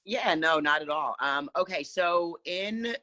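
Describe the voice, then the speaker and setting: Bright-voiced woman in her fifties. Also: fairly low pitch, lively intonation, no echo. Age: 50s. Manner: halting, with many restarts. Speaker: guest. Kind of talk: casual interview talk.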